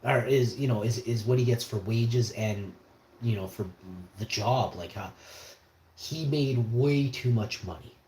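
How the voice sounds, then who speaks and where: A man's voice: medium pitch, unhurried, darkish tone, a little hiss or hum. Rambling man with roomy echo. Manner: rambling, slangy, repeats himself. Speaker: livestream host. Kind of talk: casual rambling storytelling.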